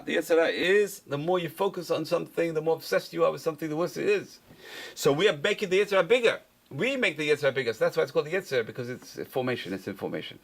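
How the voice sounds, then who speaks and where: Man, rabbi, gravelly voice, quick informal lecture, repeats key phrases, poses and answers questions. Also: mid-range voice. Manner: conversational, repeats phrases for emphasis, asks and answers his own questions. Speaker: rabbi teaching a class.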